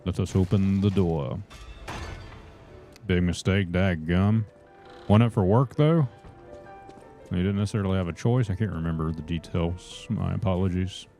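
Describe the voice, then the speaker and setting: A laid-back man with a deep, low voice chats with his viewers as he plays a game on a livestream. He rambles in a friendly way and answers questions from the chat. Quiet music plays behind him. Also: normal speed. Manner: relaxed, chatty, reads chat and greets viewers as brothers. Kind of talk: casual gameplay livestream chat.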